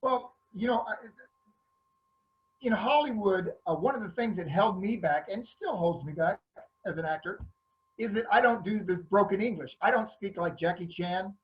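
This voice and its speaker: High-voiced man with a Southern accent. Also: normal speed, dull audio. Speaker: panelist, martial arts actor. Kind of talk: casual panel talk. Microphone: video call.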